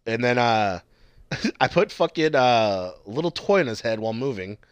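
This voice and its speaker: A man's voice: mid-range voice, animated, moderate pace, clean tone, dry recording. A man in casual, heavily profane chat, laughing as he reads out his notes. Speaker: podcast co-host.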